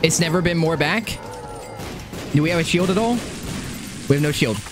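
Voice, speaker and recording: A young man streaming a video game, swearing, repeating himself and swinging from high yelps to low mutters. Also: moderate pace. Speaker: gaming streamer. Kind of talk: live gameplay commentary. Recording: game music behind.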